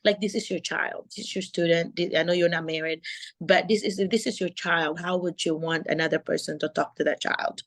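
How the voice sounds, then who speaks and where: Calm woman coaching teachers. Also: on the low side, brisk. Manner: calm, encouraging, acts out classroom talk. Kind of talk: mentoring on a video call. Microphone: video call.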